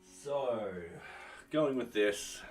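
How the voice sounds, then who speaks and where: A man live-streaming his coding work, thinking aloud and narrating each step as he tests his software in a relaxed, offhand way. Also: mid-range voice, very slow, slightly rough, soft background music. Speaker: software developer streaming his open source project.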